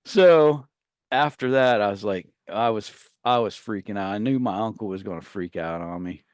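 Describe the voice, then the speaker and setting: A man, co-hosting a radio show, tells a rambling, profane story and acts out his yelling relatives. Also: on the low side, normal speed, smooth, dry recording, studio quality. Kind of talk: casual storytelling banter. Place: radio studio.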